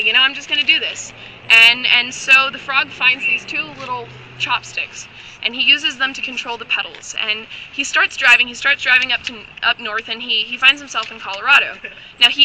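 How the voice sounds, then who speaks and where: Bright-voiced woman telling a rambling joke story. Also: a little high, slight background noise, low-quality recording. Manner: rambling, joking, many restarts. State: losing her voice. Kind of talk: comic improvised storytelling.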